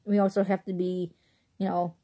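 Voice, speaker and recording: A woman's voice: fairly low pitch, flat delivery, normal speed, mellow, dull audio. A young woman from the Chicago suburbs talking casually into her phone, rambling and often laughing. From Chicago suburbs, Illinois. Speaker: vlogger. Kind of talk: casual chatty movie review.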